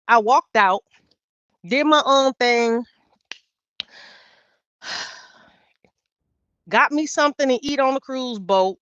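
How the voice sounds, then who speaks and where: A woman with a fairly high voice tells a personal story in loose, casual talk. She swears freely and keeps jumping between loud, worked-up bursts and low, muttered asides. The recording is dry and a little dull. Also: drawn-out words, long pauses, smooth, no echo. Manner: profane, animated, swings loud then quiet. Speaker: podcast guest.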